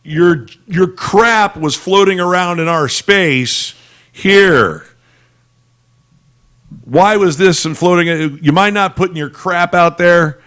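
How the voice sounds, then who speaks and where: A man voicing a stern, fed-up alien visitor who lectures in a high, drawn-out voice. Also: big pitch swings. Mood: scolding.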